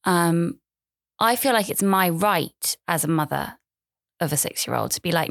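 A woman's voice: lowish voice, lively intonation, moderate pace, creaky, no room sound, clean studio sound. A woman in her thirties hosting a podcast, talking in a rambling, chatty, self-deprecating way. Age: 30s. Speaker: podcast host. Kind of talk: casual monologue.

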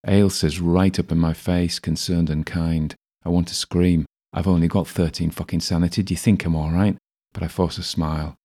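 A man narrating a first-person audiobook in a steady, even way. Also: sits low, moderate pace, hardly any pauses, husky.

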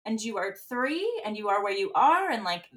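A woman's voice: mid-range voice, very animated, normal speed, fairly bright tone. A woman in her thirties co-hosting a podcast, telling candid, rambling stories in casual chat and swearing freely. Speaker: podcast co-host.

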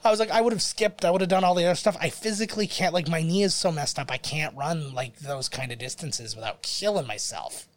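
Podcast co-host, young adult man, voice sits a touch high, rambling and jokey, quick impressions. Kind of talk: casual movie commentary chat.

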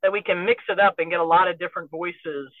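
An enthusiastic man talks about his plans, his voice high for a man. He comes through a tinny, phone-like line. The sound is dry, with no room echo. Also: fairly even intonation, fast talker. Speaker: podcast panelist. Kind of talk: casual chat.

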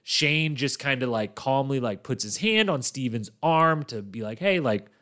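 A man of middle pitch talks through a reality show recap in a loose, chatty way. He tells the story with animation and fills it with "like" and "you know." When he quotes people, his voice jumps up to play them. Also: expressive, normal speed, bright, forceful tone. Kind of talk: casual recap monologue.

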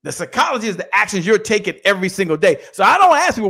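A man's voice: high voice, very animated, racing, gravelly, sharp tone, husky. A man giving a fired-up motivational talk on a podcast, preaching with chants and call-and-response. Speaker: guest speaker. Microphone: remote call.

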